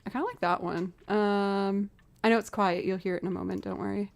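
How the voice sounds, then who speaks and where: A woman's voice: medium pitch, steady tone, brisk, vocal fry, slight background noise. A woman from outside Boston, a musician streaming live, chatting casually with viewers as she works out chords and beats. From outside Boston, USA. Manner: chatty, thinks aloud, talks to viewers. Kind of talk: casual livestream chat while working out music.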